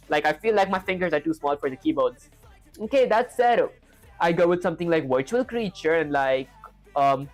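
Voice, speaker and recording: A young man with an Indian accent live-streaming his coding, thinking aloud through each step and chatting with viewers. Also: high voice.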